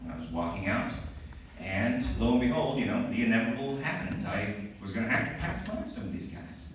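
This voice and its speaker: A man doing stand-up comedy, telling a story with lively asides and laughing as he goes. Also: medium pitch, brisk, noisy background. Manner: animated storytelling with laughing asides and put-on voices. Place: comedy club. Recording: echoey club recording from a distance. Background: audience laughter.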